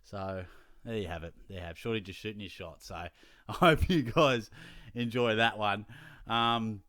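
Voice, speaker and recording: A man's voice: fairly low pitch, normal speed, a bit bright, dry recording, studio quality. A young Australian man from Geelong hosting his fantasy football show, rambling casually to viewers with lots of fillers.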